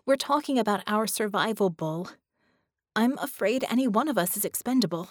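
A woman reading the part of a resolute female leader in an audiobook, speaking flat and stern. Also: medium pitch, normal speed, no echo, clean studio sound, natural voice.

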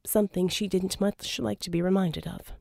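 A woman narrating an audiobook in a measured, even reading. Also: mid-range voice, vocal fry, no echo, clean studio sound.

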